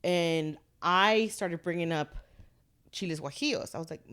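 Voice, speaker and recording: A woman chef chatting casually, animated and laughing often, swearing freely. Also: lowish voice, a little slow, smooth. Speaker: chef, guest. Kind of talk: casual tipsy chat.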